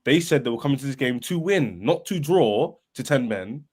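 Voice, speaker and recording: A man, a football fan panelist, arguing in an animated, emphatic way on a podcast and repeating himself. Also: mid-range voice, normal speed, slightly rough. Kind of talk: heated football podcast debate.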